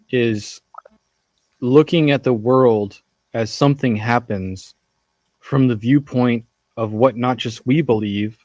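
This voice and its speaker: A man in a casual talk who muses over his concerns and often restarts his sentences. His voice is at a middle pitch and sounds dry and close to the mic. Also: darkish tone, no room sound. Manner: reflective, hesitant, restarts sentences. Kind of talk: casual discussion.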